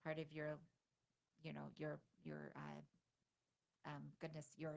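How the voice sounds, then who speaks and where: Excitable rambling woman co-host. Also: deep voice, takes it slowly, creaky. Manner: excitable, rambling, many fillers and restarts. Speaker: conference organizer and co-host. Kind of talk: casual livestream chat.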